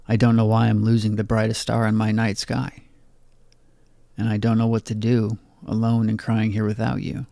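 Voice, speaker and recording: A young man reading his own poetry aloud in a low-key, bitter spoken-word delivery. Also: creaky, mellow, no echo. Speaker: poet.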